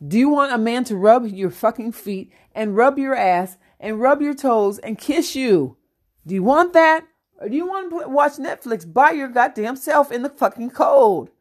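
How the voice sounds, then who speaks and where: A woman's voice: on the high side, lively intonation, normal speed, few pauses. A middle-aged woman hosting a dating-coach podcast, delivering a brash, profane comic rant and laughing often.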